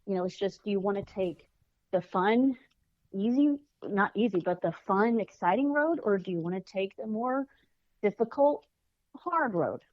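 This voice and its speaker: A woman's voice: mid-range voice, lively intonation, moderate pace, dry recording. Woman, podcast guest, earnest, searching for words, muffled lo-fi sound. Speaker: children's author guest. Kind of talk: podcast interview.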